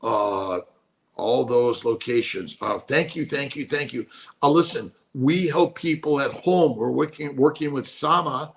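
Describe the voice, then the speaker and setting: His voice is gravelly, medium in pitch, and unhurried. He's a man in his late sixties running a casual live stream, speaking softly while someone sleeps, yet still enthusiastic, prone to repeating himself and lapsing into sermonizing.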